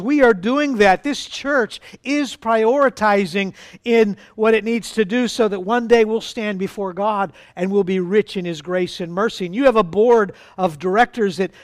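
Pastor guy preaching, kinda high voice, earnest and emphatic, dry close sound. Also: no room sound. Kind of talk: sermon.

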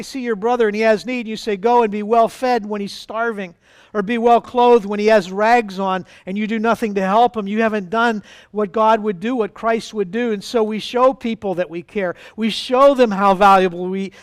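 A man's voice: sits high, clean tone, no echo, studio quality. A man preaching an earnest, emphatic sermon to his congregation as their pastor.

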